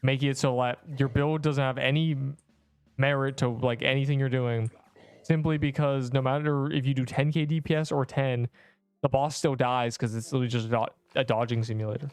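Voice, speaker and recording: A man's voice: medium pitch, steady tone, a little fast, a little mellow, clean tone, no echo, soft background music. Rambling, slangy man streaming a game. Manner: rambling, slangy, says "bro" a lot, swears casually. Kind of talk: casual gameplay livestream commentary.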